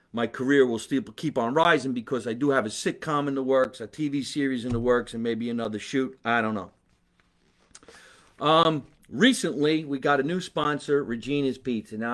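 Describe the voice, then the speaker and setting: A man from New Jersey with a New Jersey accent, a comedian hosting a live podcast, talking casually with sponsor plugs, animated, profane and fond of repeating phrases. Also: medium pitch. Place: his mother's basement.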